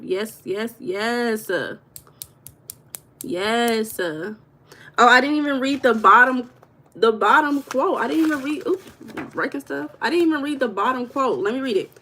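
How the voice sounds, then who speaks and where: Bright-voiced woman hosting a live stream. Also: a little high, unhurried. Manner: affectionate, calls viewers baby. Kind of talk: casual live stream chat, reading comments aloud.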